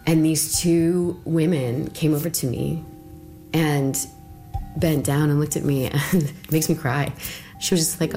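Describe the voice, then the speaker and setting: Woman with a really deep voice, chatty interview, lots of likes, music faint behind. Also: fairly even intonation, measured pace. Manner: conversational, with frequent "like" fillers and quiet asides. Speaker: interviewee recounting her story. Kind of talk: casual recorded interview.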